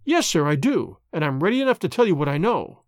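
A man's voice: on the high side, very animated, quick pace, dry recording, studio quality. A man voicing a tall, gaunt female servant telling what she knows in a storybook reading. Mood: confiding. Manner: plain, confiding.

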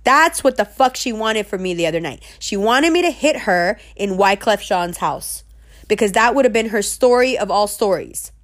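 A woman's voice: mid-range voice, animated, moderate pace. A middle-aged woman telling a story in a casual, blunt rant, heavy with slang and swearing. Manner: blunt, profane and emphatic; streetwise slang.

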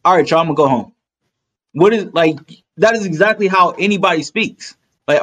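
Husky laid-back man arguing a point. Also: high voice, brisk, a bit bright. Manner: laid-back, swears freely, argumentative. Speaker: podcast co-host. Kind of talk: casual podcast debate.

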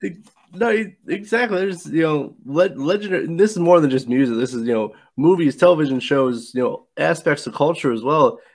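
A man hosting a podcast chats casually with his guest, tripping over the starts of words and leaning on "you know" as filler. His voice sits a little higher than most men's. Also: fairly quick, darkish tone. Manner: stumbles and restarts words, fills with "you know". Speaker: podcast host. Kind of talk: casual interview chat.

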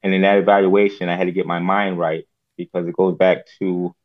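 A very deep-voiced man calls in and reflects earnestly, pacing his words with the odd filler. The line sounds dull and lo-fi. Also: little pitch movement, brisk. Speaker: caller. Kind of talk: call-in reflection.

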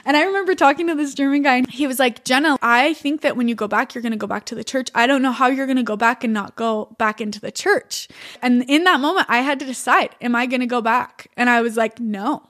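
High-voiced chatty young woman. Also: quick pace. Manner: chatty, animated, lots of "like" and "you know". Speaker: podcast guest. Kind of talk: candid personal storytelling.

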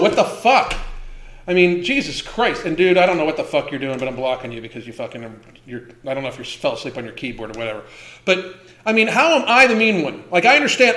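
Man, 50s, host ranting on a livestream: high, bright, swears constantly, repeats himself for emphasis, echoey room. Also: very animated, fast talker. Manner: profane, heated, emphatic repetition.

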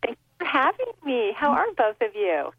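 A woman's voice: a little high, sing-song, normal speed, husky. A woman in her fifties, a guest calling in on a landline, speaking graciously and laughing easily. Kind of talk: phone interview. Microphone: cordless landline phone. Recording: muffled landline phone call.

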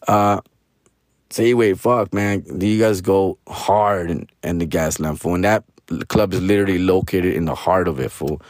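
A comedian in his forties rambles unhurriedly through a casual, profane monologue in a low, hoarse, raspy voice. He mixes in Spanish slang and keeps adding "fool" to his lines. The recording is dry, with no room sound.

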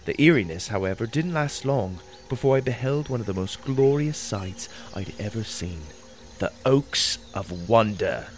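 Expressive male storybook narrator. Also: lowish voice, moderate pace, faint music behind. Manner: expressive, wonder-filled storytelling. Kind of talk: first-person storybook narration.

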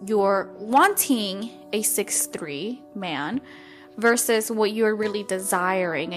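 A woman hosts a podcast in a casual, unscripted monologue. She talks bluntly and candidly, drops swear words without pause, and tells her story with animation. Her voice sits in an ordinary middle pitch, with faint music in the background. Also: a bit bright. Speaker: podcast host.

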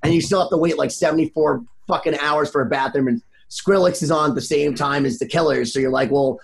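A man's voice: fairly high pitch, quick pace, creaky. A man, a band member and wedding DJ, rambling and swearing freely in casual podcast chat. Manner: rambling, profane, excitable storyteller.

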